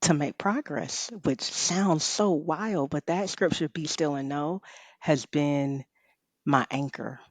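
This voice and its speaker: A middle-aged woman and author, a guest telling a personal story in a conversation, expressive, laughing often and saying "you know" a lot. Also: sits low, slow, dry recording. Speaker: author and rest coach, guest.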